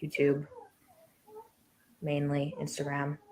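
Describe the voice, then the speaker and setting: A woman speaking reflectively and haltingly in a video clip, with many fillers. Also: low voice, monotone, a little mellow.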